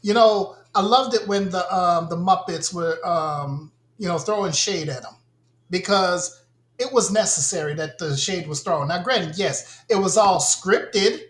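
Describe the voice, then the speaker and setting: A man's voice: high voice, measured pace, fairly bright tone, reverberant. A man co-hosting a gaming podcast, ranting bluntly and with a lot of swearing in casual chat. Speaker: podcast co-host.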